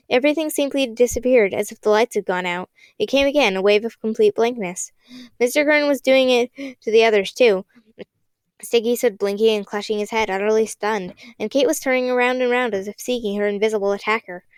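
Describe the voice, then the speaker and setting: A woman narrating a children's audiobook in an expressive, dramatic reading. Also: on the high side, clear, resonant tone, dry recording.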